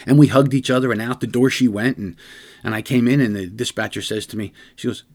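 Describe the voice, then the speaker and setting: This is a man who works as a detective and tells stories on his podcast. He speaks at a middle pitch and in a conversational way. He often circles back and restarts his sentences as he talks earnestly through a memory. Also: quick pace, darkish tone. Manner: earnest, rambling, with frequent restarts. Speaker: podcast host and police detective. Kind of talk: conversational storytelling.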